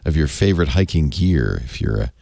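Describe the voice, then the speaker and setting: A man's voice: rumbling low, fairly quick, creaky, dry recording, clean studio sound. A middle-aged man hosting a tech panel show, telling jokey stories in casual chat. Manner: jokey, animated storyteller. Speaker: host.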